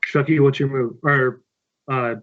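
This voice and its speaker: A man's voice: medium pitch, fairly even intonation, measured pace, a bit bright. A man narrating as game master of a tabletop game in a casual, plain way with filler words. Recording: slightly dull lo-fi sound.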